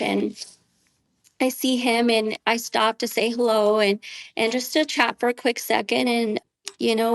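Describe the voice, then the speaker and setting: A woman's voice: mid-range voice, dry recording. A woman guest on a podcast, giving a heartfelt personal faith testimony in an earnest way, with many "you know" fillers.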